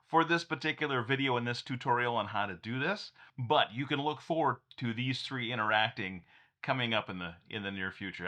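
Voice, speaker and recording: A man's voice: medium pitch, sharp tone. A man walking viewers through a tech tutorial in a casual, upbeat way, chuckling often and restarting his sentences. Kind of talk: casual screen-share tutorial.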